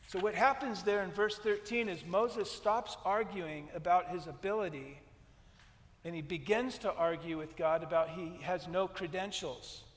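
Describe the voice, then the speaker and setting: A man's voice: high voice, moderate pace. A male pastor preaching a sermon, emphatic, repeating his key lines and retelling scripture scenes. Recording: long reverb from a large hall.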